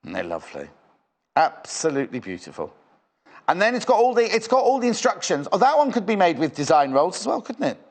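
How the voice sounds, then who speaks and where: A man's voice: high voice, wildly swooping pitch, a little fast. A man presenting live on a shopping channel in a studio, with chatty, rambling sales patter.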